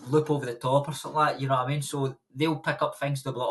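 A young Scottish boxer, a guest in a casual interview, speaks very fast in a level, medium-pitched voice. He rambles loosely through stories and laughs often.

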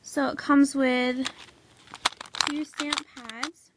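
A young woman filming a casual haul video, gushing excitedly with lots of "like" and "oh my god". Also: high-pitched, drawn-out words, noisy background. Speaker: vlogger showing a haul.

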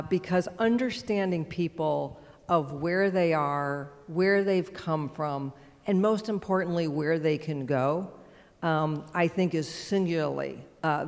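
Woman, board chair, measured, gracious, frequent fillers, conference panel, long hall reverb. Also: deep voice, a little mellow. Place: large conference hall stage.

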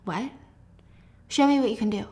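A young woman recapping a novel for her video in a chatty, animated way. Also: on the high side, moderate pace. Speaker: video host. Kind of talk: casual book recap.

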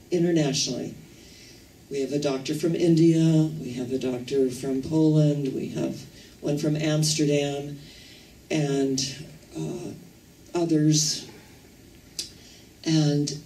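A woman minister preaching a sermon in a slow, deliberate and earnest way. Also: deep voice, dark tone. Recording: echoey room, voice far from the mic.

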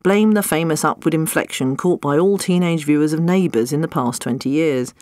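A narrator reads a comic nonfiction audiobook with a dry, wry wit. The voice sits at a middling pitch and is recorded close and dry, with no room sound around it. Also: brisk, darkish tone, no room sound.

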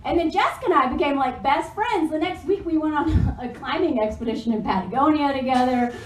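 Young woman, comedic storyteller: high and lively, laughs often, swears freely, captured from a distance in an echoey room with faint noise. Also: fairly quick. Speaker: storyteller guest. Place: live show room.

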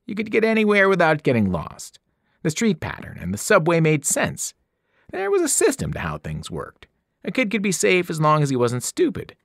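A man narrating a novel aloud with expressive storytelling, his pitch rising and falling widely. The sound is dry and close, with no room around it. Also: normal speed, creaky, no room sound. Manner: expressive first-person narration with character voices. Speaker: teacher reading aloud. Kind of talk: audiobook narration.

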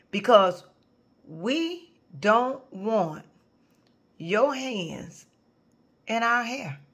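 A woman, ranting to camera in an emphatic, scolding way, sometimes dropping to a low whisper for emphasis. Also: a bit bright. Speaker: vlogger. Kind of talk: direct-to-camera rant.

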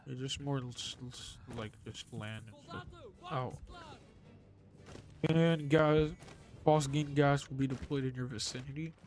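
A young man giving excitable gameplay commentary, exclaiming and swearing under his breath. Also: medium pitch, a little slow, long pauses. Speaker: gamer. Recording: game gunfire and beeps behind.

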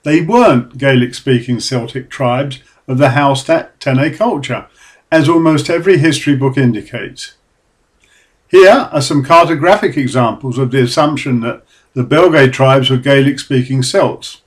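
A middle-aged man from England, reading scripted documentary narration about his own book in a measured, earnest way. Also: medium pitch.

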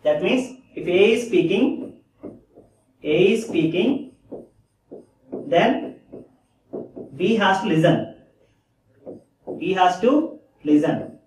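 A man with a high voice teaches step by step, saying key phrases twice and stopping to ask whether the point is clear. He sounds a little far from the mic, and the room echoes around him. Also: sing-song, slow pace, pauses often, darkish tone, a little hiss or hum. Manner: repeats key phrases, checks understanding with "Clear?". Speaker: lecturer. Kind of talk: classroom lecture.

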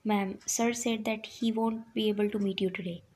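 A woman's voice: medium pitch, fairly even intonation, normal speed, darkish tone, breathy edge, natural voice. A woman reading a polite office receptionist. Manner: formal, apologetic.

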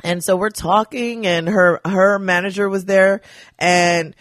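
A woman's voice: mid-range voice, fairly even intonation, unhurried, dry recording, studio quality. A comedian from New Jersey chatting on a podcast. She tells a story with lots of energy and acts out other people's lines as she goes. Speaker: comedian guest.

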